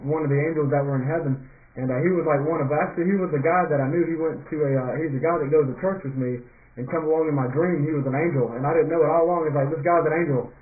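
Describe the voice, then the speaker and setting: A young man earnestly recounting a dream as spoken testimony, rambling with many fillers and restarts. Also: a little high. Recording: tinny lo-fi audio in an echoey room.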